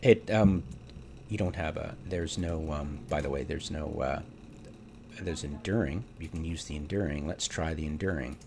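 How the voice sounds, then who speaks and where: Man, low and gravelly, casual game commentary, exasperated rant, faint keyboard hum behind. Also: normal speed, darkish tone. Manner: exasperated, rhetorical questions, many ums. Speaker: game theorycrafter. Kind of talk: casual ranting commentary over gameplay.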